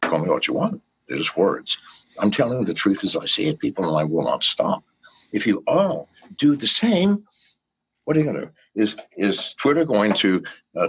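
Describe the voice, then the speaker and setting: An older man giving an interview, fiery and profane, swinging from low mutters to shouted pleas. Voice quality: gravelly and husky. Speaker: guest. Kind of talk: impassioned interview rant. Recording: dull lo-fi call audio.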